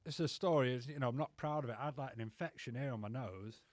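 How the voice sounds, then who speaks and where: A man's voice: mid-range voice, fast, dry recording. A man telling rambling, sweary personal stories as a podcast guest. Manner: rambling, sweary, says "mate" constantly. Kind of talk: casual storytelling.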